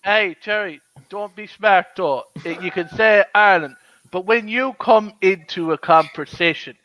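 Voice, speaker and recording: A man's voice: high-pitched, normal speed, pushed and bright, no echo, rough recording. A man in a casual group chat on a live show, insisting stubbornly and repeating himself.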